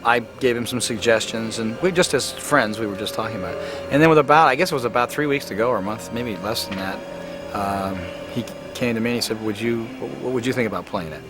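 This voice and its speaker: A man in an interview, recalling in an easygoing, relaxed way how he was cast in a role. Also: lowish voice, fairly quick, over music. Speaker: actor. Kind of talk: interview recollection.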